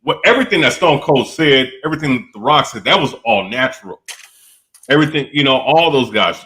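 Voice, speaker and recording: A man in a casual wrestling debate with a mid-pitched voice that rises and falls a lot. He talks in loose, self-correcting runs and keeps checking in with "you know what I'm saying?". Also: expressive, fairly quick, sharp tone.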